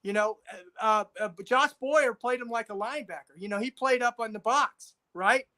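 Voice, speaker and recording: A man's voice: very high voice, moderate pace, bright, forceful tone. A man co-hosting a casual sports talk show, insistent, repeating himself and checking agreement with "right?". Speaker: podcast co-host.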